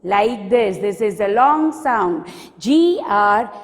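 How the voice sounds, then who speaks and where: A woman teacher with an Indian English accent, slowly spelling out words letter by letter in a phonics lesson for small children. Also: mid-range voice, expressive, long reverb tail. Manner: slow, sing-song spelling out letter by letter. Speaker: pre-primary teacher.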